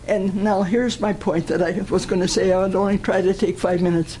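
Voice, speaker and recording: An older woman giving a personal testimony at a church gathering, telling her story in an earnest, deliberate way. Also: mid-range voice, steady tone, warm tone, slight background noise, rough recording.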